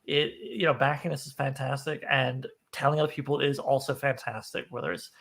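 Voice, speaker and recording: A man's voice: mid-range voice, steady tone, fairly quick, vocal fry, fairly bright tone. A man hosting a casual launch livestream, rambling and self-deprecating as he talks with cohosts. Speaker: magazine editor hosting a launch stream.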